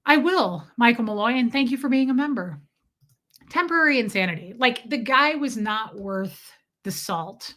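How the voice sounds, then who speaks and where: Bright-voiced woman telling a story on a livestream. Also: fairly high pitch, moderate pace. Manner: animated, profane, comic storytelling. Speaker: livestream host.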